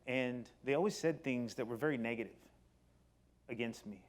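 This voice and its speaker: A middle-aged man giving a personal storytelling talk on stage, animated, moving between loud excited bursts and quiet low passages. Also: moderate pace. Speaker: company speaker. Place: stage before an audience.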